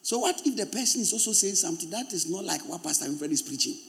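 A man with a Ghanaian accent preaching a sermon as pastor, speaking straight to his congregation in an animated way. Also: sits high, quick pace, gravelly, breathy edge.

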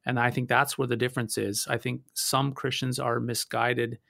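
A man, a pastor, talking through theology in an earnest, measured way, often restarting his sentences. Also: medium pitch, flat delivery, vocal fry, bright, forceful tone, no room sound, clean studio sound. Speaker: pastor and guest. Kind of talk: conversational theology discussion.

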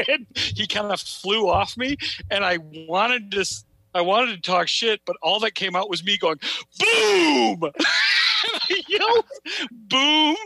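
A young man co-hosting a casual comedy podcast, telling a story with animated, profane energy. His voice is very bright and a touch high for a man. The sound is dry and close. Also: dry recording, poor audio. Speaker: podcast co-host.

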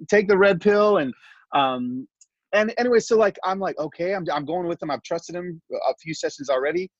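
A middle-aged man tells a personal story in an animated, heartfelt, casual way, stumbling over fillers. His voice is husky and sits a little high. The recording is dry and slightly dull. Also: moderate pace, no room sound. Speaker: podcast guest.

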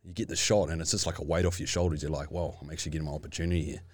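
A man's voice: extremely low pitch, fairly even intonation, racing, slightly rough, dry recording. A man co-hosting, asking a long reflective question. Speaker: podcast co-host. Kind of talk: casual interview questions.

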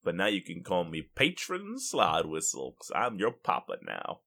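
A man co-hosting a gaming podcast, telling stories in an animated, jokey way. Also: low-pitched, normal speed, gravelly. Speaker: podcast co-host. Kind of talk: casual chat.

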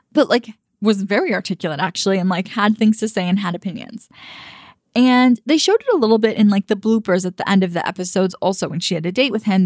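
A woman's voice: on the high side, a little mellow, no room sound, clean studio sound. A young woman, a dating coach, giving frank and emphatic casual commentary with frequent fillers and some swearing.

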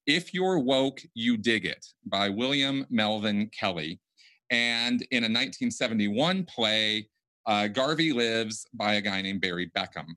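Man, podcast host, bright voice, emphatic, restarts a lot. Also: medium pitch. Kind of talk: casual conversational podcast.

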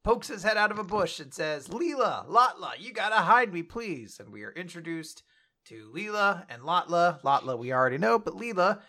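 A man's voice: sits high, sing-song, moderate pace, bright, forceful tone. A man casually recapping a manga chapter as a podcast co-host, rambling and laughing often.

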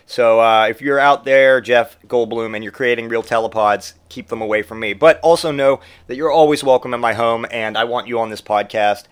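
Speaking a little fast with few pauses, a man of medium pitch hosts a podcast and riffs through a loose, swear-filled comic monologue as his cold fades. An adult parent raised in the eighties, he's lively and rambling, doing mock voices for quotes.

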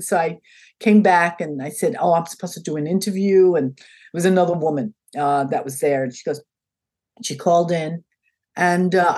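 Husky older woman telling a lively story. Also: sits low. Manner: animated, acts out quoted dialogue in changing voices. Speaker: guest. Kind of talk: casual storytelling in an interview.

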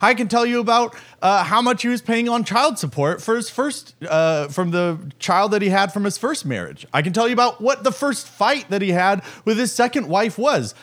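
A young man with a slightly higher voice, co-hosting a podcast. He tells stories in a loose, chatty way and drops "like" all through his talk. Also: expressive, moderate pace, few pauses, a bit bright. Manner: chatty storyteller, many "like" fillers. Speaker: podcast co-host. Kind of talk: casual chat.

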